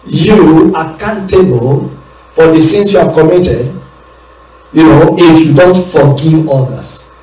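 A male preacher giving a sermon, repeating his phrases and asking the congregation to answer back. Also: on the high side. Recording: echoey room, voice from far off the mic.

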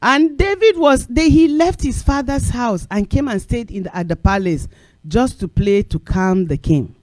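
A man's voice: extremely high pitch, normal speed, dry recording. A man preaching a sermon, telling stories and repeating phrases for emphasis. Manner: animated storytelling with acted quotes.

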